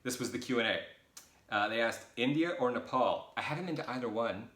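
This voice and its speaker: A man's voice: mid-range voice, lively intonation, a little fast, fairly bright tone, reverberant. Chatty middle-aged American man rambling. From United States. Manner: chatty, self-deprecating, jokey asides. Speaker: vlogger answering viewer questions. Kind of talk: casual rambling Q&A. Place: his boyfriend's home.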